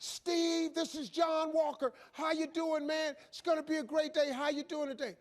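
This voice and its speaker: A relentlessly upbeat grown man, as a storyteller puts him on, calling at dawn with a booming, cheery greeting. The voice is high and bright, and it keeps hammering the same happy line. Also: flat delivery, moderate pace, long reverb tail. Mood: cheerful.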